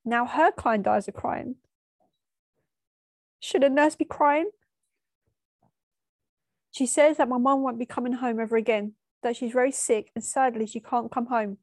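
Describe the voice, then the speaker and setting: A woman telling a painful personal memory, tearful and halting, often stopping and restarting. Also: a little high, steady tone, dry recording, clean studio sound. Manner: halting, emotional storytelling with restarts. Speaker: storyteller. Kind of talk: personal spoken memoir.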